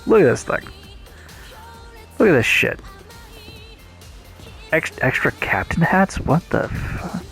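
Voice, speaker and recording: A man's voice: a little high, big pitch swings, slow pace, vocal fry, long pauses, fairly bright tone, faint music behind. A man giving casual, enthusiastic let's play commentary and swearing freely. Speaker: game streamer.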